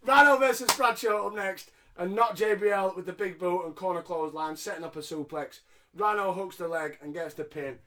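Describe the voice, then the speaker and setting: A man's voice: high-pitched, a little fast, bright, forceful tone. A man co-hosting a podcast, recapping wrestling in a sarcastic, jokey, swearing way. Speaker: podcast co-host. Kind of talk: casual wrestling recap chat.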